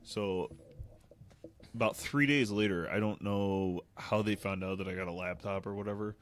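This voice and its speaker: A man's voice: on the low side, moderate pace, dry recording. A young man co-hosting a podcast, telling a rambling anecdote in casual chat. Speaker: podcast co-host.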